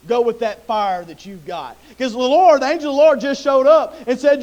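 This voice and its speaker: High-voiced preacher. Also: male voice, normal speed, few pauses, a little mellow, lo-fi sound. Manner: impassioned storytelling. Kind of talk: sermon.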